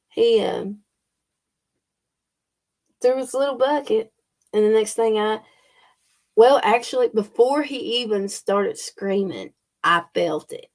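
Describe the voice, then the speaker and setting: A woman telling a personal story in a slow, halting way with many fillers. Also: mid-range voice. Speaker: spiritual channel host. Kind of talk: casual storytelling.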